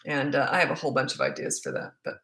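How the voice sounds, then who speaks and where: A parenting coach in her fifties answers questions in a live Q&A, speaking rapid-fire in a very deep yet slightly bright, sing-song voice. She gives emphatic advice, repeats the key points and laughs at herself, all in a roomy, echoing recording.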